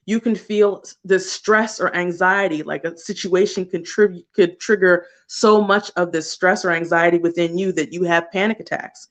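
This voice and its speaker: A woman's voice: on the low side, steady tone, moderate pace, hardly any pauses. A woman card reader chats through a livestream reading in a loose, conversational way. She laughs easily and mixes slang and casual swearing into her guidance.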